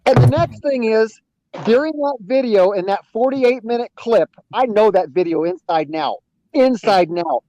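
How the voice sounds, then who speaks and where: A man's voice: high-pitched, lively intonation, moderate pace, highs cut off, noisy background. A man arguing heatedly on a live stream, swearing heavily and repeating his points. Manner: heavy swearing, repeats himself insistently. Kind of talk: heated online debate.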